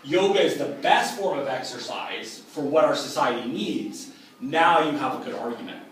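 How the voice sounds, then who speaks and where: A man's voice: medium pitch, expressive, moderate pace, fairly bright tone, a little hiss or hum. A man giving an upbeat, emphatic writing lesson, contrasting weak and strong examples as a teacher. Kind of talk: explanatory lecture. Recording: echoey room from a distance with faint ambience.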